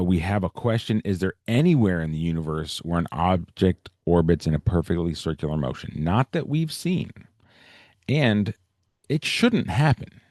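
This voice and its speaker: Low-voiced man teaching an online class. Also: a little mellow, no echo, clean studio sound. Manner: casual and explanatory, checks in with "right?" and "okay?". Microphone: video call.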